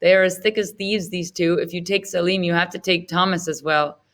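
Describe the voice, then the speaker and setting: A woman's voice: on the low side, fairly even intonation, brisk, fairly bright tone, close to an everyday voice. Woman voicing a wheedling orphanage keeper. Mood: insistent. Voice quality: ingratiating, wheedling. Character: fawning, scheming male orphanage keeper.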